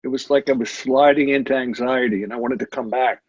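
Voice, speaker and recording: A man's voice: mid-range voice, steady tone, brisk, breathy edge, no room sound, dull audio. A man taking part in a webinar, speaking candidly and a little wryly. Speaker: workshop participant. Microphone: video call.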